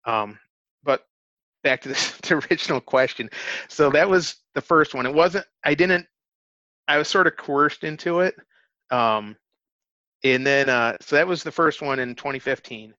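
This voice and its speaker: A man's voice: on the high side, moderate pace, long pauses, pushed and bright, dry recording. A man, an interview guest, telling a story in casual, earnest talk, often restarting his phrases. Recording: dull, dry lo-fi recording.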